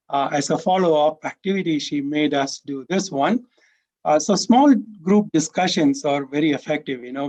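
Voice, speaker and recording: A male university lecturer gives a conversational conference presentation about his teaching, peppered with "you know." His voice is a little high and a little mellow, and the recording is dull and lo-fi.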